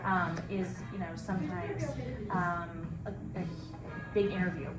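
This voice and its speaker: A woman's voice: on the low side, fairly even intonation, unhurried. A woman who co-founded a salon, chatting casually in an interview, laughing easily and restarting her phrases. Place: echoey salon room. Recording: echoey room with loud background music.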